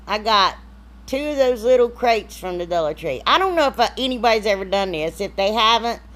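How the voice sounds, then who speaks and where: Woman, middle-aged craft vlogger, folksy, chatty, mid-pitched, close mic. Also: animated, fairly quick, a bit bright. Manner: chatty, self-deprecating, drawling. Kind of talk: casual crafting tutorial voice-over.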